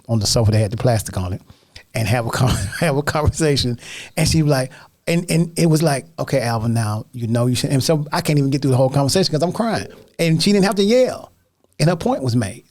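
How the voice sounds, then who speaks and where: Man, mid pitch, reflective, casual storytelling. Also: a little mellow. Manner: reflective storyteller, frequent agreeing murmurs. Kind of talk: casual conversational discussion.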